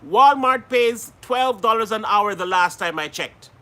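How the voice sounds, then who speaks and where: Lively high-voiced Jamaican-born man hosting. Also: unhurried. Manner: lively, laughs often, greets viewers by name. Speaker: live stream host. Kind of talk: casual live stream chat with viewers.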